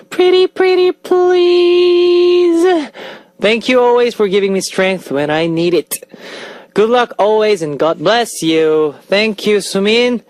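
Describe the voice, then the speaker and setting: A man's voice: high voice, no echo. A young man from Australia hosting a radio show and reading out listener messages in an upbeat, chatty way, speaking into a studio microphone. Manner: upbeat, chatty, with playful outbursts.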